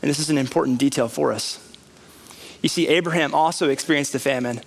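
A thirtysomething pastor preaches fast in a slightly high voice touched with vocal fry. His sermon in the church sanctuary is animated and conversational, with rising emphasis.

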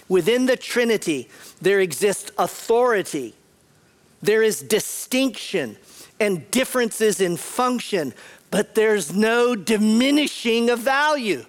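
A man preaching a sermon as pastor, earnest, often repeating words and clearing his throat. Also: high-pitched.

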